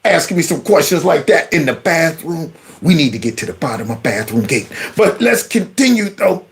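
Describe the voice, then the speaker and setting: A man hosting his own channel, reacting to news clips with animated, mocking commentary and talking back to the speakers. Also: fairly high pitch, moderate pace, gravelly.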